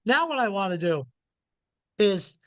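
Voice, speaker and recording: A middle-aged man lectures in a casual, folksy way, circling back to the same points. His voice sits high and sounds smooth and clear. The sound is dry and close, with no room around it. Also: very animated, measured pace, no echo. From Montana. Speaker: owl researcher giving a presentation. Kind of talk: informal illustrated lecture.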